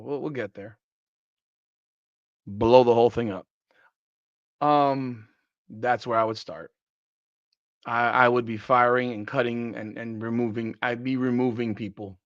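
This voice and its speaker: A medium-pitched male podcast host delivers blunt, profane, exasperated commentary after a basketball game. The recording is dry with no echo and a slightly dull, lo-fi sound.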